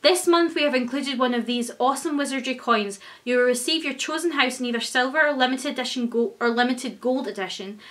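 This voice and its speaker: A young woman, gushing and excitable as she chats through an unboxing for her vlog. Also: fairly high pitch. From Scotland. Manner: gushing, excitable, many exclamations. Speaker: vlogger. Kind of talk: casual unboxing chat.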